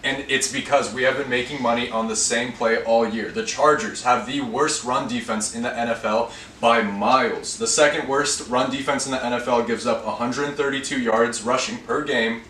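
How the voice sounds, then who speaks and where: Guy breaking down betting numbers, bright tone, recorded from a bit away in a roomy space. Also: medium pitch, steady tone, normal speed, hardly any pauses. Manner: lays out stats and reasons plainly. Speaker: podcast co-host. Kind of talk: casual sports betting chat. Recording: echoey room, distant mic, faint hiss.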